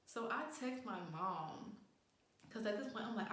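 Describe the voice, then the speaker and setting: A woman's voice: medium pitch, moderate pace. Young woman vlogger, loose and profane, telling a storytime; very echoey room. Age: young adult. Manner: animated, profane, acts out quotes. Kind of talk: casual storytime chat.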